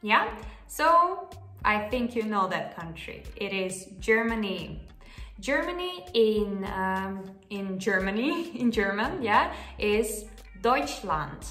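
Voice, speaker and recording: A woman who runs her own channel hosts a casual language lesson in a bright, high, animated voice. She talks slowly and chattily, frequently checking in with the viewer by asking "yeah?". Her voice echoes around the room, with soft music playing in the background.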